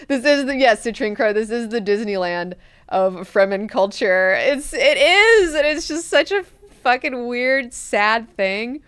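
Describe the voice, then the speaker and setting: A woman's voice: medium pitch, measured pace, clear, resonant tone, dry recording. Woman animatedly recapping a book. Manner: animated, profane storytelling. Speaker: book club host. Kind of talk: casual chapter recap.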